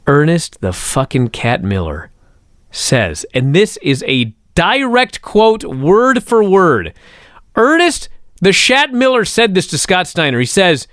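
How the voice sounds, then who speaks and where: Animated, swearing podcast man. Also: fairly high pitch, normal speed, dry recording, clean studio sound. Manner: animated, profane storytelling, acts out quotes. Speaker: co-host. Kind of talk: casual podcast chat.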